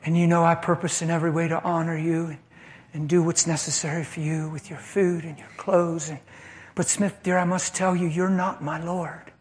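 A man voicing a sweet, faithful wife, speaking softly and calmly with unhurried kindness. The voice stays quiet and fairly high. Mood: gentle. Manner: soft, calm, kindly.

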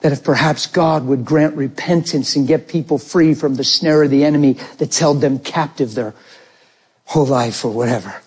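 A man's voice: medium pitch, normal speed, slightly rough. A middle-aged man preaching a sermon, telling family stories and acting out the voices of parents and children. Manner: animated storytelling, acting out family dialogue.

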